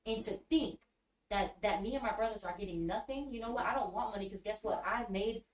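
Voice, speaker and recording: A woman guest telling her story in casual conversation, blunt and heated, swearing freely and filling in with "like" and "boom". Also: fairly quick, recorded from a distance. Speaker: podcast guest. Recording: roomy, set back from the mic.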